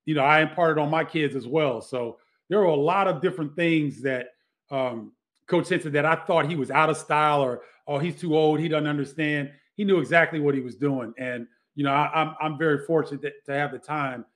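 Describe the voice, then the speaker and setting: A man's voice: a little high, brisk. A middle-aged man, a former basketball player, telling stories in a casual interview with many restarts.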